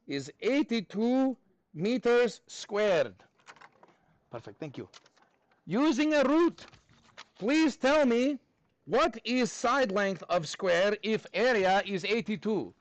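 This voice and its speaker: A man putting on a comic Russian accent, dropping articles in slow, emphatic broken English. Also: very high-pitched, mellow, no echo.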